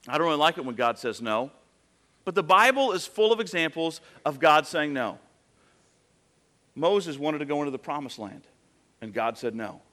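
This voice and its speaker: A man's voice: high voice, animated, brisk, bright, forceful tone. A man in his thirties preaching a sermon, telling stories and acting out quoted voices in a conversational way. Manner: conversational storytelling with acted quotes. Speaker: pastor.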